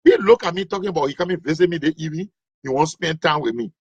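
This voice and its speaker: A man voicing an indignant married woman who scolds a flirt, with a sharp, scolding manner. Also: on the high side, fast, breathy edge, no room sound. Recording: dull lo-fi recording.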